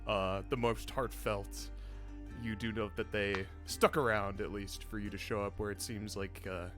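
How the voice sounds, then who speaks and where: A man acting as game master, narrating a tabletop game in an unhurried way with frequent fillers. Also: lowish voice, fairly even intonation, music in the background.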